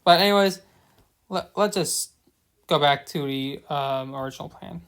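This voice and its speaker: A young man giving a ranting episode review, stammering and restarting often, swinging between loud outbursts and quiet mumbling. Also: a little high, moderate pace, clean tone. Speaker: show reviewer.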